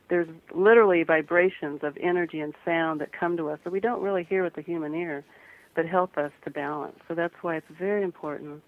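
On a tinny phone line, a low-pitched woman from the American Midwest speaks as a guest photographer and author in a radio interview. Her manner is earnest and gentle, with a few restarts.

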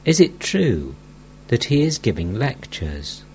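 A man's voice: medium pitch, big pitch swings, takes it slowly, darkish tone, a little hiss or hum. A man reading the part of an elderly mystic teacher who scolds bluntly and speaks with affection.

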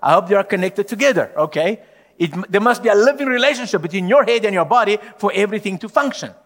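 A male pastor preaching a sermon emphatically, swinging from loud declarations to hushed, low lines. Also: animated, fast talker. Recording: long hall reverb.

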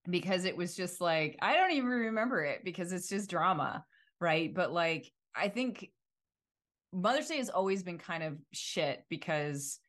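Woman, podcast co-host, rambling, reflective, low voice. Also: a bit bright. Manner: rambling, filler-heavy, reflective. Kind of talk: casual chat.

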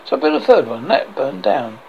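A man voicing a gruff, bossy middle-aged king lecturing his son, on a dull lo-fi recording with faint hiss. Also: medium pitch, huge pitch swings, brisk, pitched below the performer's own voice. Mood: blustering.

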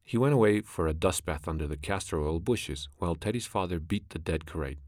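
A man narrating a classic animal story in a measured, expressive way. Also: low voice, dry recording, studio quality.

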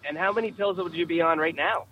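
A man with a somewhat high voice chats over his car's hands-free phone. He speaks in a friendly way, hesitating with fillers as he forms questions. The line sounds dull and muffled. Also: quick pace. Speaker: caller. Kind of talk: casual phone chat. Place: in a car. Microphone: car hands-free phone.

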